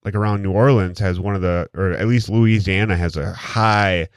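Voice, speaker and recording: Man, low voice, crude jokey podcast chatter, dry close sound. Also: fairly even intonation, moderate pace, smooth, no room sound. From Wisconsin, USA. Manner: crude, joking, reads quotes aloud. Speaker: podcast host. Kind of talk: casual podcast chat.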